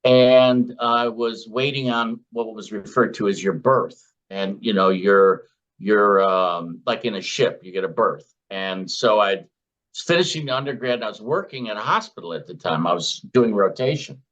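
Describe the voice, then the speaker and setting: A man's voice: lowish voice, normal speed, a bit bright, highs cut off. A man in his sixties from Chicago, a former floor trader being interviewed, telling anecdotes in a chatty way and acting out the voices of the people in his stories. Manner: chatty anecdotal storyteller who acts out his own and others' quoted lines. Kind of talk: casual interview storytelling.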